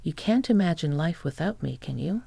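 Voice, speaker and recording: A text-to-speech reader voicing an older, callous father-in-law who turns to pleading, in a flat delivery. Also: fairly high pitch, normal speed, vocal fry, breathy edge, dry recording, full character voice.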